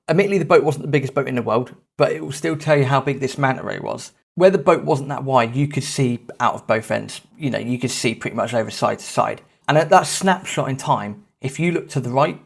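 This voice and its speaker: Thirties male podcast host, casual anecdotal delivery, self-deprecating and animated. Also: medium pitch, fairly quick, gravelly. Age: 30s. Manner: animated, self-mocking anecdote telling with swearing. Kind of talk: casual storytelling.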